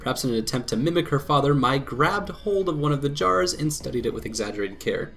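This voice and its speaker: A man hosting a let's play, reading a visual novel aloud with quick laughs and commentary. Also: mid-range voice, vocal fry, soft background music. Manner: lively reading broken by laughs and asides.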